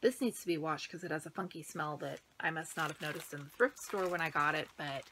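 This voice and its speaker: A middle-aged woman chatting at home, a little out of breath, her husky voice bright and forward. She rambles from one thought to the next and now and then sinks into a near-whisper. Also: low-pitched, brisk, few pauses. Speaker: cross-stitch vlogger. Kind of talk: casual chat.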